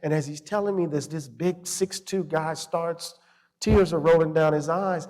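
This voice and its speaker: A man's voice: on the high side, normal speed. Passionate, reflective man in a reverberant hall. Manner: passionate storyteller, animated and reflective. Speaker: guest scholar. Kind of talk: interview conversation.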